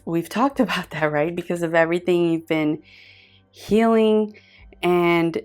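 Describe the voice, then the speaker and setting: A woman with a low voice gives a pick-a-card tarot reading, earnest and effusive. She pauses often and restarts her sentences as she reaches for the right words. Soft music plays faintly behind her. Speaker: tarot reader.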